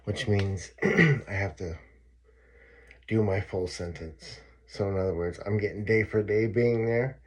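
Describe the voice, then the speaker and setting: A man's voice: lowish voice, measured pace. A man telling his own story in a casual, profane and emphatic monologue, often repeating himself.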